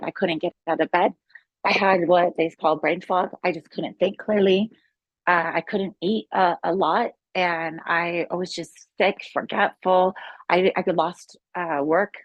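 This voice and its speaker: A woman who is a yoga instructor tells her healing story in a casual, excited, rambling way, with many restarts. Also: lowish voice, dry recording. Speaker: guest sharing a healing testimony. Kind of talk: casual spoken testimony.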